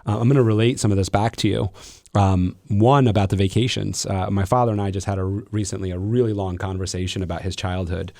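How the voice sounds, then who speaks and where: Male podcast host, middle-aged, gravelly low voice, dry sound, thoughtful and rambling. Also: fairly even intonation, fast, warm tone, no room sound. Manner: reflective, frequent restarts and fillers. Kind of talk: casual interview conversation.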